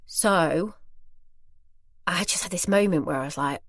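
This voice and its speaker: A woman's voice: on the low side, unhurried, no echo, clean studio sound. Chatty British woman telling a story. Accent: British English. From Britain. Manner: chatty, self-deprecating, candid. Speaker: podcast host. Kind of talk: personal storytelling monologue.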